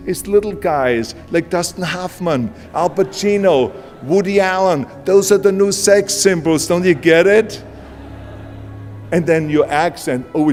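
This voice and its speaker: A man's voice: fairly high pitch, a little mellow, close to an everyday voice. Austrian man mimicking a scoffing Hollywood agent. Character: mocking, dismissive male Hollywood agent. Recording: long hall reverb with music.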